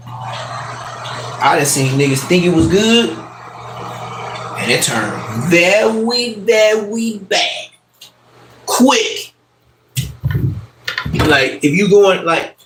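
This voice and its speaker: A man casually telling stories on a livestream, slangy and streetwise, swinging between loud bursts and mumbled asides. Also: high-pitched, expressive, drawn-out words, pauses often, noisy background. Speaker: livestream host.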